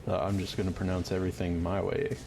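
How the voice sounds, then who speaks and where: A man's voice: low-pitched, level tone, fast, creaky, background noise. A man streaming a game, with joking, profane, rambling commentary. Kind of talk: casual gaming commentary.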